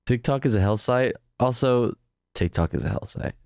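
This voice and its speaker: A man's voice: mid-range voice, normal speed, a little mellow, dry recording, studio quality. A man hosting a livestream, casually chatting and joking as he greets viewers by name one after another. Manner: playful, jokey, greets chat members one by one. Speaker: livestream host.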